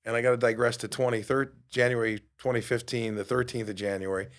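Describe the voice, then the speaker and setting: New guy on his podcast, telling a story, acts out what people said, mid-pitched voice. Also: fairly quick. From New York. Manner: animated, acts out quoted dialogue. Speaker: podcast host. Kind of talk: storytelling monologue.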